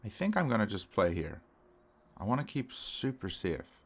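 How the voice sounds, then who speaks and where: A man's voice: fairly low pitch, sing-song, moderate pace. A man commenting casually on his own chess games, talking to his viewers as lads. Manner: chatty, calls viewers lads, prone to frustrated outbursts. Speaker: chess streamer.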